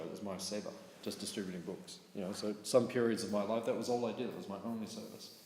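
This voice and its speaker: A man teaching a scripture class in a relaxed, conversational way, often checking in with his listeners. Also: lowish voice. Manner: conversational, keeps asking "right?". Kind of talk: casual scripture class talk. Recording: echoey hall with faint noise.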